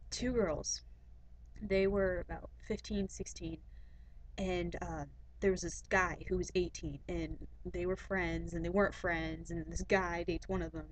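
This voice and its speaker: A woman's voice: lowish voice, rough recording. Chatty teenage girl ranting. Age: teens. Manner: chatty and rambling, full of fillers and asides. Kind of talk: casual webcam rant.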